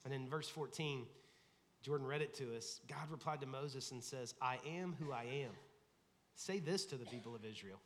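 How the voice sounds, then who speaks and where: A man's voice: mid-range voice, moderate pace, slight background noise. A man, the lead pastor, preaching a sermon in a casual, conversational way, acting out quoted voices. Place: large church sanctuary. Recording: long hall reverb.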